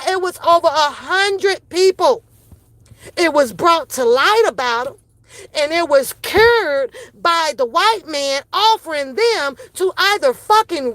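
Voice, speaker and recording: A woman's voice: sits high, a bit bright, dry recording. A middle-aged woman giving a heated, sarcastic opinion rant, full of profanity and repeated rhetorical questions. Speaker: commentary vlogger.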